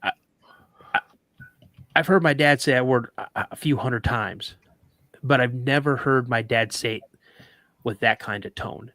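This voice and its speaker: Brief: male talk show guest, dramatic storyteller, stammers, mid pitch, dry sound. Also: measured pace, long pauses, pushed and bright, no echo. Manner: vivid, dramatic retelling with stammered restarts.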